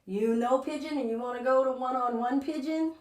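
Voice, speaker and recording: A woman's voice: high-pitched, fairly quick, a little mellow. A woman teaching a live yoga class, chatty and playful as she talks through her own movements. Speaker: yoga instructor. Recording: echoey room, distant mic.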